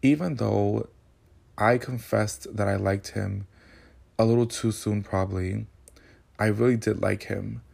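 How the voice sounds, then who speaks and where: A man hosts a podcast in a casual storytelling monologue, candid and full of sassy slang. His voice sits fairly low with a gravelly, fry-laden edge. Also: fairly even intonation, measured pace, darkish tone. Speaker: podcast host.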